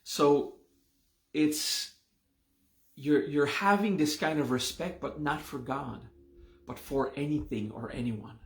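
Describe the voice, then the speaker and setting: Slow, patient man teaching in a roomy echo. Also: on the high side. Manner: slow, patient explaining with frequent "okay?" checks. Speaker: meditation and mantra teacher. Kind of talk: live online class explanation.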